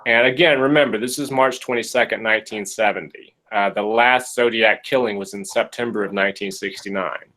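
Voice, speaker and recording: A man with a lowish voice, talking a little fast, hosts a podcast and retells a case as casual storytelling. He's jokey and animated, acting out quotes, though the recording is low quality.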